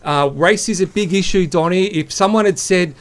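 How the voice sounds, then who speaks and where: Man, podcast co-host, slightly high voice, teasing, chatty banter. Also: moderate pace. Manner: teasing, chatty, says mate a lot. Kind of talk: casual banter.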